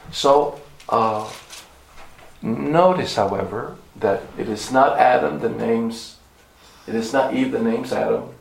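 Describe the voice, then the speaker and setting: A man's voice: medium pitch, creaky, echoey room, a little hiss or hum, low-quality recording. A man preaching a sermon, emphatic, repeating key words for stress, with some ums and uhs.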